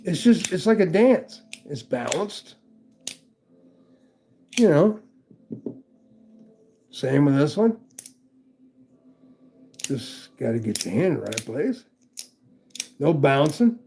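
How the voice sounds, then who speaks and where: Gravelly casual knife-review streamer man. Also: a little high, sing-song, slow, pauses often, mellow, a little hiss or hum. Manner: rambling, profane, chatty with viewers. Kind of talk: casual livestream chat.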